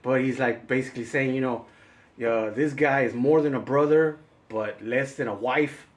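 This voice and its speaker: A man's voice: medium pitch, normal speed. A man co-hosting a casual movie chat, rambling and acting out scenes in raised voices. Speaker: podcast co-host.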